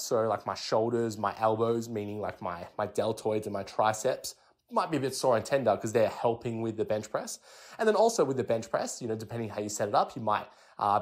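Young aussie guy chatting on a fitness podcast, easygoing, lots of restarts and fillers. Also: mid-range voice. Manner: relaxed and chatty, many fillers and restarts, acts out gym thoughts. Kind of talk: casual explanatory talk.

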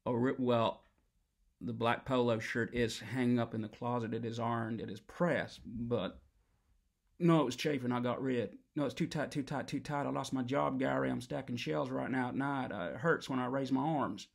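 A man's voice: medium pitch, normal speed, vocal fry, voice pushed down. A man playing a rambling, defensive ex-militant talking on the phone, stammering through restarts and swearing in a comedic monologue. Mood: sheepish. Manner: one-sided phone call, repeating himself, stammering restarts, swearing.

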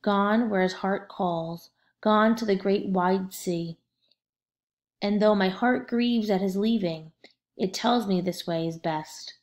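A woman voicing a gentle, resigned old fisherman in a storybook read-aloud. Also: medium pitch, slow, lightly acted.

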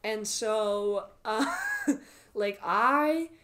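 A woman's voice: mid-range voice, very slow, background noise. A young woman in her twenties, a podcast guest, talking casually with lots of laughter and filler words. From Canada. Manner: giggly, rambling, many filler words. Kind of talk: casual conversation.

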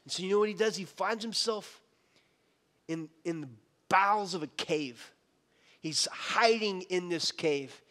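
High-voiced pastor in a reverberant church. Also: male voice, unhurried, a bit bright. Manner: casual, joking storyteller, acts out characters. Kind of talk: sermon. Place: church hall.

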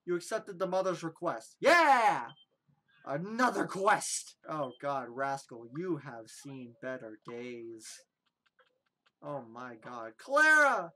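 A woman's voice: lowish voice, moderate pace. A young woman giving joking, dramatic let's-play commentary on a video game. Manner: excitable, joking, dramatic reactions.

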